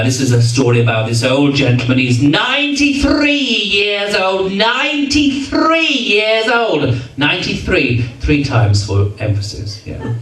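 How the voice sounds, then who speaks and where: A mid-range, slightly bright male voice carries this entertainer's comic patter. In a function hall, he chats with and teases a live audience, recorded from a distance amid roomy hall sound and crowd noise.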